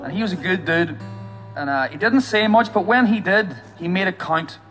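Male singer-songwriter, light high voice, easy stage banter over loud guitar. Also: moderate pace, poor audio. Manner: joking and self-deprecating. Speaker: singer-songwriter performing live. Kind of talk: stage banter between songs. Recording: live music over the voice.

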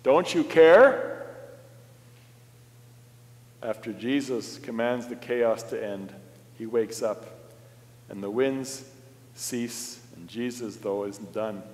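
A man preaching a sermon as pastor in a church, slow and dramatic, swinging from loud to hushed. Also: lowish voice, fairly even intonation, in a large hall. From Canada. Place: church sanctuary.

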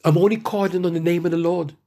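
A man preaching a sermon, reading scripture verses slowly and then preaching with emphatic rises in his voice. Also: high-pitched, fairly even intonation, warm tone.

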